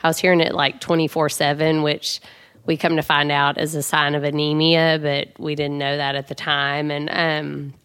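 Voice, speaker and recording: Low-voiced woman telling her story. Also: normal speed, clear, resonant tone. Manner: chatty, animated storytelling with many fillers. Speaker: guest. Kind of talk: personal story in a casual interview.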